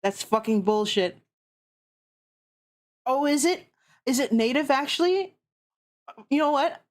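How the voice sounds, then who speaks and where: A woman's voice: high voice, animated, slow. Swearing woman ranting. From Canada. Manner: ranting, heavy swearing, exasperated. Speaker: streamer. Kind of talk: casual chat.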